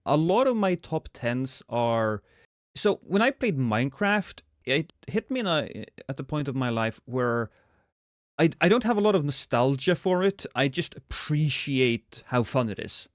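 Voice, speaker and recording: A man co-hosting a casual gaming podcast, talking in a relaxed, meandering way. His voice sits in an ordinary middle range. The sound is dry and close, with no room sound. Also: mid-range voice, a little slow, no echo. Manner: laid-back, rambling, laughs often. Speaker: podcast co-host. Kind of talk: casual chat.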